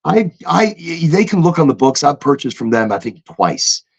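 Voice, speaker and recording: Lively high-pitched man with gravelly edge. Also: moderate pace, lo-fi sound. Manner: animated, mimics robotic phone voices, emphatic repetition. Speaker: podcast co-host. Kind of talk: casual podcast chat.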